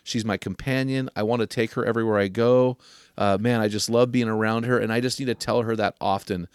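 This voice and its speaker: An older man hosting a podcast, giving earnest advice to men and slowing down to stress key questions. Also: lowish voice, steady tone, clean tone, no echo, studio quality. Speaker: podcast host.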